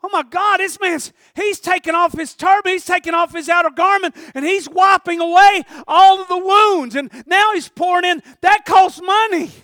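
A man's voice: very high voice, animated, a little fast, fairly bright tone, dry recording, clean studio sound, voice pushed up, exaggerated voice. A preacher acting out a dying roadside man. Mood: astonished. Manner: desperate, stammering cries.

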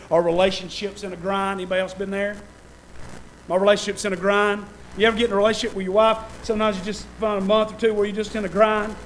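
Fervent high-voiced preacher man. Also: little pitch movement, fast, rough recording. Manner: fervent, building to loud shouted peaks; conversational, self-deprecating asides with laughter. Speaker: pastor. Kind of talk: sermon.

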